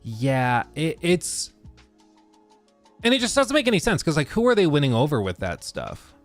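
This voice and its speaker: Man, live-stream host, lively pitch, sarcastic rant, basement desk, faint guitar music behind. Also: normal speed. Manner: animated, sarcastic ranting with mocking quoted voices. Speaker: livestream host. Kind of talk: casual live-stream chat. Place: basement room at his desk.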